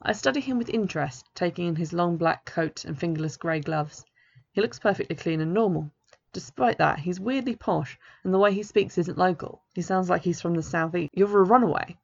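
A woman's voice: lowish voice, moderate pace, vocal fry. A woman author reading her own novel aloud in the first person, in a plain and understated way. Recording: dull lo-fi recording.

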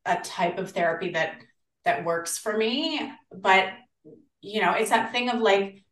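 An Australian woman chatting as a podcast guest, animated and acting out the voices of people she quotes. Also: mid-range voice, unhurried. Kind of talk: casual interview chat. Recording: roomy, distant from the mic.

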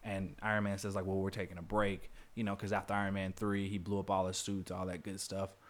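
A man's voice: low voice, completely flat delivery, fast. A man hosting a podcast, casually retelling a movie scene by scene with lots of fillers and quoted lines. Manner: rambling, filler-heavy retelling with acted quotes. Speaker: podcast host.

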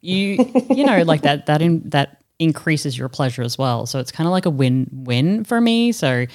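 A woman co-hosting a podcast in frank, casual chat, animated and joking. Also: sits low, moderate pace. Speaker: podcast co-host.

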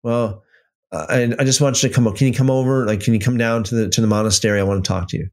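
A man's voice: mid-range voice, steady tone, fast talker, darkish tone. A man hosting a livestream, telling a story loosely with many restarts and then reading out viewer comments. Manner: reads out and answers live chat comments. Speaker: livestream host. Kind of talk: casual livestream teaching.

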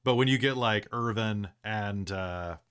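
A man's voice: on the low side, measured pace, fairly bright tone, clear, resonant tone. A man running a tabletop game, talking casually on a podcast and rambling with frequent restarts. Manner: rambling, many fillers and restarts. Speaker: game master.

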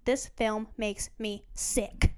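Smooth-voiced woman reading out reviews. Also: mid-range voice, fairly even intonation, takes it slowly. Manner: reads out reviews with dry jokes. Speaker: podcast co-host. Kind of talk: casual chat.

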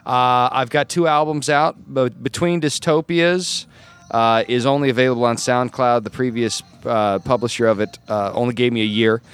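A man's voice: medium pitch, moderate pace, clear, resonant tone. A man, a comedian guest on a podcast, talking in an easygoing, upbeat way in a comedy club showroom. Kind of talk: casual interview.

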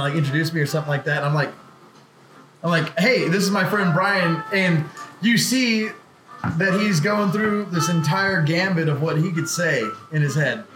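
A man's voice: high voice, echoey room, low-quality recording. A man on a podcast telling a rambling, profane story in casual chat, laughing along. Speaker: podcast co-host.

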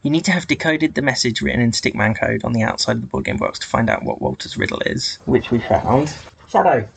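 A man's voice: medium pitch, sing-song, fairly quick, creaky, a little hiss or hum. A man hosting a casual podcast chat about a puzzle game, reading clues aloud and laughing often. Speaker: podcast host.

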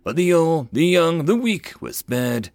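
Man reading as a big weary orc chief, slow earnest speech, slightly raised pitch, dry narration sound. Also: big pitch swings, gravelly, a little mellow, dry recording, full character voice. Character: big weary male orc chieftain, worried for his people.

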